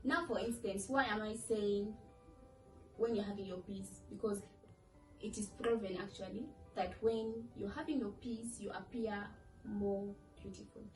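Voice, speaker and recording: A woman's voice: mid-range voice, steady tone, measured pace, a little mellow. Young woman, chatty vlogger, playful, distant mic, echoey room. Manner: chatty, playful, acts out quoted voices. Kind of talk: casual talk to camera. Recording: echoey room from far off with faint music.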